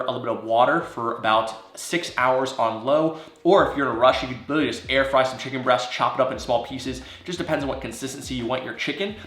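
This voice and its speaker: A man with a nasal, stuffed-up voice from a cold, hosting a casual cooking walkthrough in his home kitchen, relaxed and rambling. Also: medium pitch, reverberant. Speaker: cooking channel host.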